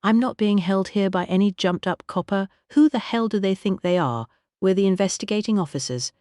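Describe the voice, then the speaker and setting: A man voicing an indignant, blustering older gentleman with a bad temper. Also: fairly high pitch, normal speed, no echo, clean studio sound, close to an everyday voice.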